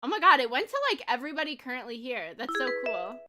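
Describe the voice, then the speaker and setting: A woman's voice: high-pitched, big pitch swings, fast talker, sharp tone, faint music behind. A woman in her twenties chatting casually on a gaming livestream, bubbly and giggly, rambling with lots of fillers. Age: 20s. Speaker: streamer.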